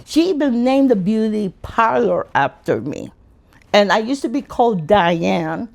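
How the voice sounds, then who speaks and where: A man, telling his life story as an interview guest in an animated way. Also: measured pace, gravelly. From Philippines. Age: 60s. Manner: animated, acts out quotes in high voices.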